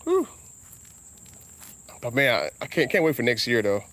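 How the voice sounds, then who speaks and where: A man with a Southern US accent rambling casually as a car vlogger outdoors, drawing out his words and breaking into sudden high exclamations. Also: wildly swooping pitch, a bit bright, dry recording. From Southern United States. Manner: laid-back, drawn-out talk with sudden high exclamations.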